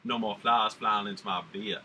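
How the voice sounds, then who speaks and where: A man's voice: lowish voice, fairly even intonation, moderate pace, bright, forceful tone, a little hiss or hum. A man from the United States hosting a casual beer-tasting vlog in a put-on American Southern drawl, rambling and laid-back with slang. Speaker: beer reviewer.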